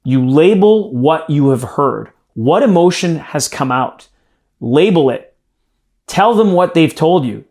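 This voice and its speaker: A man with a slightly higher-than-average male voice, a little mellow, leads a live sales training. He's animated yet slow, speaking emphatically and turning straight to his group as he coaches.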